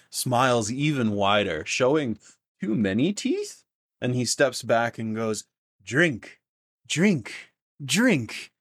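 A man's voice: mid-range voice, dry recording, clean studio sound. A man running a tabletop game as game master, narrating casually with frequent restarts. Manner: casual, rambling with restarts and fillers.

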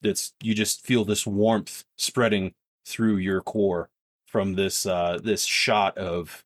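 A man's voice: low-pitched, level tone, takes it slowly, no echo. A man narrating as game master in a tabletop game, with vivid, descriptive narration.

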